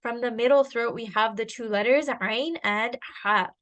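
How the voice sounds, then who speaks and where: A woman's voice: fairly high pitch, moderate pace, a bit bright. A woman teaching a tajweed lesson, patiently explaining and sounding out letters one by one. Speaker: Quran recitation teacher.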